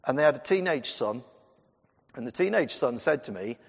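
A man's voice: mid-range voice, animated, moderate pace, vocal fry. A man in his fifties, a Methodist minister, preaching a sermon in a chatty storytelling way with humour and asides to the congregation. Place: church. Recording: long church reverb.

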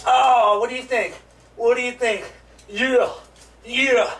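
High-voiced man vlogging in echoey room. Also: takes it slowly. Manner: animated and playful, hyping himself up to viewers. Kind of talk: casual vlog to the camera. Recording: echoey room, camera at a distance.

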